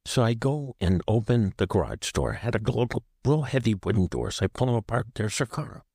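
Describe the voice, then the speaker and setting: A man's voice: fairly low pitch, very animated, brisk, vocal fry, a little mellow, husky, no room sound, clean studio sound. A man from the American Southwest, an author guest on an interview show, recounting a painful personal story in short, vivid present-tense sentences.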